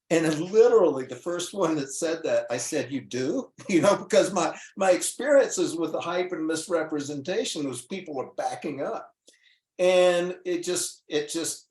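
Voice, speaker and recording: A man, a guest doctor, telling his story in casual talk, earnest and animated, acting out the dialogue as he goes. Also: on the high side, roomy sound. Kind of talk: casual storytelling on a call-in show.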